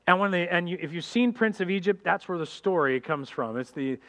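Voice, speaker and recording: Addressing his congregation directly, this animated preacher delivers his sermon in a high voice. He slips into quick character voices as he tells it.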